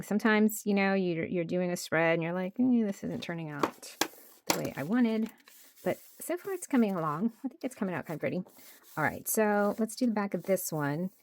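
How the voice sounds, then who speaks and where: A woman's voice: on the low side, darkish tone, slight background noise. A woman narrating her journaling in a casual, chatty way, thinking aloud as she works at her home craft desk and sometimes dropping to a near-whisper. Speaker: journaling creator.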